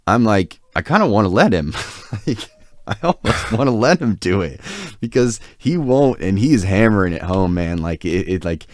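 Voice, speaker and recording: A man's voice: lowish voice, very animated, normal speed, no echo. A man co-hosting a podcast, telling a long anecdote in a casual, rambling way with lots of fillers. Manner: rambling, filler-heavy, self-deprecating. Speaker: podcast co-host. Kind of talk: casual storytelling.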